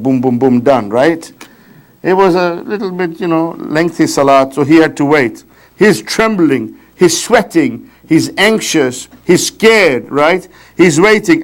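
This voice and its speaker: A man giving a religious talk at a mourning gathering, telling a story with lively pacing and frequent tag questions like "right?". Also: fairly high pitch. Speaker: majlis speaker. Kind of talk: storytelling sermon.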